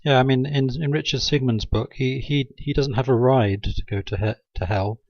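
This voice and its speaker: A man talks in a loose, sarcastic monologue, stopping often on ums and restarts. His voice sits in an ordinary middle pitch. The recording is dry and a little dull, like cheap home audio. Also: steady tone, normal speed, a little mellow, no echo. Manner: sarcastic, hesitant with many ums. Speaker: video maker. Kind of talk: rambling satirical monologue.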